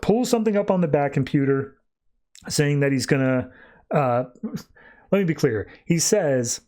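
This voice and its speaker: A man's voice: a little high, expressive, moderate pace, darkish tone. A young man hosting a podcast, recapping comics casually and slipping into quoted voices. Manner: laid-back, lots of "like" and quoted voices. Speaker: podcast host.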